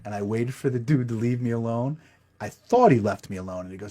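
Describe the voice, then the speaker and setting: A man's voice: mid-range voice, brisk, warm tone, slight background noise. A middle-aged man telling a crude, self-mocking comedic story as the show's host.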